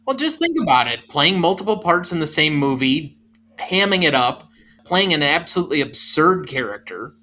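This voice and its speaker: Bright-voiced man teasing his co-host. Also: fairly high pitch, big pitch swings, normal speed. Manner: wry, teasing. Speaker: podcast co-host. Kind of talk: casual movie podcast chat.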